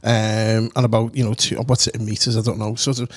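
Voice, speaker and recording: A man's voice: lowish voice, level tone, a little fast, no echo. A man telling a long story in casual chat, rambling, swearing freely and laughing as he goes.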